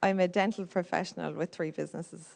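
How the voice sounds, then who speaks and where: A woman's voice: fairly low pitch, fairly even intonation, fast, gravelly, darkish tone. A woman from Ireland answering a host's questions briefly and modestly. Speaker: amateur jockey guest. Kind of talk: interview answers.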